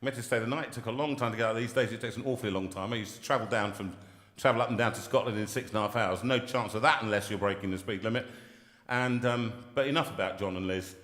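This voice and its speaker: A man hosts a casual live chat, rambling and restarting as he goes, often laughing mid-sentence. His voice is bright and forceful. The sound is roomy, with a long reverb tail. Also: on the low side, fast. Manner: chatty, restarts often, laughs while talking. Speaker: host.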